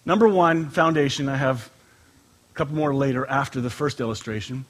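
In a church sanctuary before his congregation, a male pastor gives an informal, conversational sermon at medium pitch. He's emphatic, tosses in playful joking asides, and slows down to draw out and stress his scripture reading.

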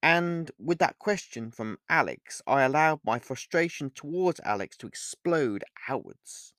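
A man's voice: a little high, a little slow, dry recording, studio quality. A man narrating his own novel in the first person as an audiobook. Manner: first-person storytelling with lively inflection.

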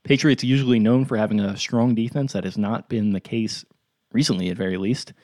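A man's voice: on the low side, brisk, a little mellow, no room sound, clean studio sound. A man co-hosting a sports podcast, chatting casually and steering the talk with questions. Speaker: podcast co-host.

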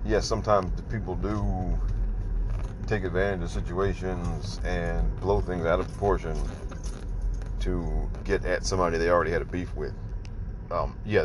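A man's voice: deep voice, background noise. A man hosting a livestream, giving casual ranting commentary in an exasperated, incredulous way, firing off rhetorical questions. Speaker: livestream host.

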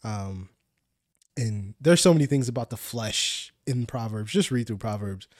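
A man's voice: lowish voice, expressive, unhurried, darkish tone, dry recording, studio quality. Young man explaining faith earnestly. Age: young adult. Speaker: podcast co-host. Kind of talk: casual faith discussion.

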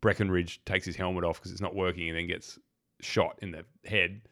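Low-voiced man, blunt podcast banter. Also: level tone, brisk, bright, forceful tone. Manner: laid-back, lots of agreeing, blunt and mocking. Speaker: podcast co-host. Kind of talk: casual film review chat.

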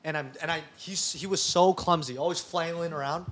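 A man's voice: a little high, fairly quick, hardly any pauses, a bit bright, husky. A man telling a rambling story in casual podcast chat, often cutting himself off and restarting. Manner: rambling, self-interrupting storyteller. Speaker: podcast host.

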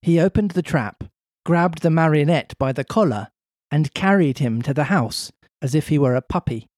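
Lively man narrating a story. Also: a little high, normal speed, dry recording, studio quality. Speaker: podcast host reading a story. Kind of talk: story narration with comic banter.

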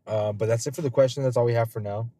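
Podcast host, male, dark mellow tone, dry close sound, swears a lot, loose storyteller. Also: mid-range voice, steady tone, rapid-fire, dry recording. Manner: laughs often. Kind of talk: casual podcast chat.

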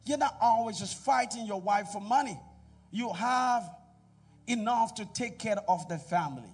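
A middle-aged man preaching a sermon in a church, calling out to the congregation and swinging between loud exhortation and quiet asides. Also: high voice, animated, normal speed, slightly rough, distant mic. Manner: preaching with call-and-response to the congregation. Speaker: pastor.

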